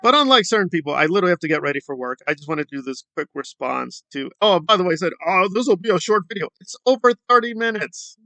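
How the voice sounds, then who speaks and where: Sarcastic gravelly man ranting. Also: a little high, very animated, fast talker, hardly any pauses, bright, forceful tone, no echo. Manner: sarcastic, exasperated. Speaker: commentary channel host. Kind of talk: ranting commentary.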